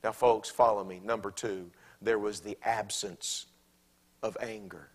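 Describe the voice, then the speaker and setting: A Southern American pastor preaching a sermon in a church, swinging from loud, emphatic lines to hushed, near-whispered quotes. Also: male voice, on the low side, steady tone, unhurried. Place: church sanctuary.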